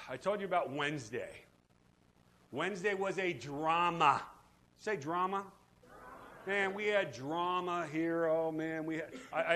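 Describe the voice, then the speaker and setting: A man preaching a sermon in a church, swinging between loud, fervent preaching and hushed asides. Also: fairly high pitch, a little hiss or hum. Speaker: pastor. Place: church sanctuary.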